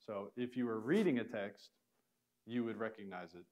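A man's voice: on the low side, normal speed, a little mellow, muffled recording. A man teaching a church Greek class, explaining in a loose, casual way with frequent "um"s and restarts. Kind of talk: classroom lecture.

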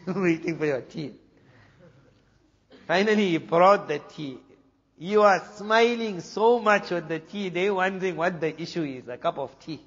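A man from South Africa, a preacher telling a story in an animated way, dropping to a hush for the dramatic moments. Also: high-pitched, a little slow, breathy edge. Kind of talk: storytelling talk. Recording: dull lo-fi recording with long hall reverb.

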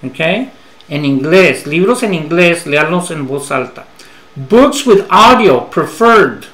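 A man with a fairly high voice teaches at an unhurried pace and says each key phrase twice. His voice rings in an echoey room. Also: expressive, fairly bright tone, soft background music. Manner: repeats key phrases slowly in English, then gives them in Spanish. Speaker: English teacher. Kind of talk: bilingual English lesson.

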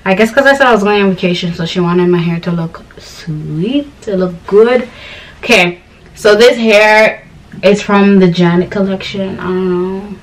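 A woman's voice: medium pitch, normal speed, distant mic, low-quality recording. A young woman from Ghana, chatting casually and rambling as a vlogger talking to camera. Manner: chatty, rambling storytelling with animated quoted voices.

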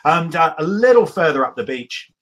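A man's voice: a little high, sing-song, moderate pace, fairly bright tone. A man giving an enthusiastic, rambling live talk about his travels to an audience, with plenty of ums and asides. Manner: enthusiastic, rambling storyteller with many fillers.

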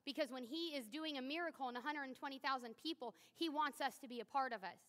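A woman's voice: high-pitched, quick pace, a bit bright, big-room sound. A woman in her thirties preaching a sermon in a church, candid and self-deprecating, talking to the congregation like a friend. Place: church sanctuary.

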